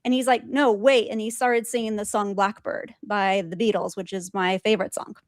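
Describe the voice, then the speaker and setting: A woman guest telling her spiritual experiences in an animated way, laughing often and acting out quotes. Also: medium pitch, brisk, dry recording, clean studio sound. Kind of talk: storytelling in conversation.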